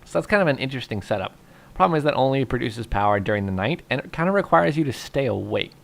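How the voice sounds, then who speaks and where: A young male gaming YouTuber gives casual Minecraft commentary, relaxed and rambling as he thinks aloud with lots of fillers, sounding tired and yawning. His medium-pitched voice is fast and creaky.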